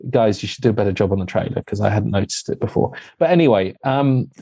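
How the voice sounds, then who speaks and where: A chatty man co-hosting a casual film chat, his voice dark and mellow. He laughs often and restarts his sentences, and he sounds dry and close with little room around him. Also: fairly low pitch, expressive, fast talker, breathy edge, no echo. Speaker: podcast co-host. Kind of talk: casual chat about films and TV.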